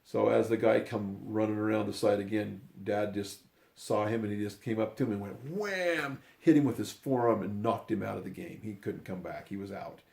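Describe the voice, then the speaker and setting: A man's voice: fairly low pitch, moderate pace, gravelly, darkish tone, reverberant. An older man, a grandfather, casually telling a rambling family story, correcting himself as he goes and acting out the people he quotes. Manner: rambling, self-correcting, acts out quoted voices.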